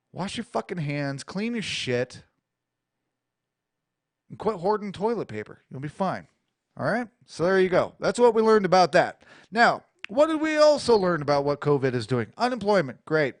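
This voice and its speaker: American man, radio host, fairly high voice, dry close sound, crude rambling rant. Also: dry recording. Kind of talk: profane talk-radio rant. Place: small radio studio. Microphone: studio mic with adjustable EQ.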